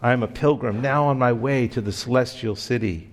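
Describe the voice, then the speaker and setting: A man's voice: medium pitch, a little fast, close to an everyday voice. A man reading a steadfast pilgrim. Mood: defiant. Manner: firm, defiant. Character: steadfast male pilgrim warrior.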